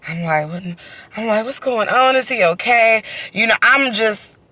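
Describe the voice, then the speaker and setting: A woman's voice: a little high, moderate pace, no room sound. Chatty young woman telling a story on a walk. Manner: animated, conversational, heavy use of fillers like "you know" and "right?". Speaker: vlogger telling her birth story. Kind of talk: casual storytime monologue. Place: outdoors, on a walk. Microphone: phone.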